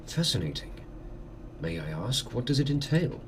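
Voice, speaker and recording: A man's voice: medium pitch, big pitch swings, normal speed, slight background noise. A man voicing a polite, reserved Victorian male doctor who asks formal questions.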